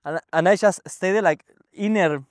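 Halting, animated man with a dry sound. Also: sits high, no echo. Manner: animated, halting, frequent restarts and fillers. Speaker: guest sharing a spiritual experience. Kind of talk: casual storytelling conversation. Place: ashram.

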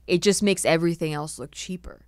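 Young woman host, casual, explains points and laughs a lot; lowish voice. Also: fairly even intonation, fairly quick, a little mellow, dry recording, studio quality. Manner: explains list items, laughs easily. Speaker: podcast host. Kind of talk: casual chat.

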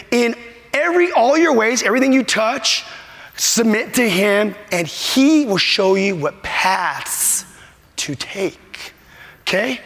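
A man's voice: high-pitched, creaky, a bit bright. A man preaching a sermon as a pastor, emphatic and repetitive, at times choked up with emotion. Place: church sanctuary. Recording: long hall reverb.

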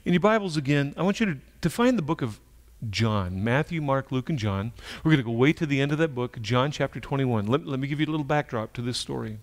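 A male pastor preaching a sermon and retelling a story, moving between hushed, slow passages and emphatic ones. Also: mid-range voice, lively intonation.

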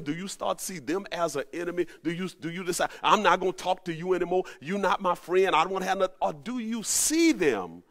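A man preaching a sermon, animated, rising to emphatic peaks and dropping to low asides. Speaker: pastor. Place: at home during the pandemic.

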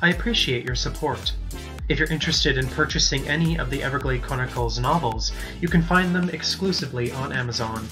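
A man, the author, narrating his storybook in a measured storytelling manner. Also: medium pitch, over music, rough recording. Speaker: author reading his novel.

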